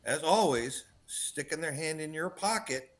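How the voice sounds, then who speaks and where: A man's voice: a little high, animated, unhurried. A man calling in to a live show as a regular caller, grumbling in short back-and-forth remarks. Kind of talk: phone-in chat.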